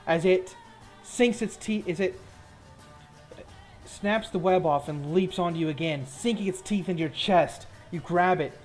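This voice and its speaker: A man with a fairly high voice runs a tabletop fantasy game, explaining the rules and then narrating the combat in a relaxed, descriptive way. Soft music plays under the talk. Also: a little slow. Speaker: game master.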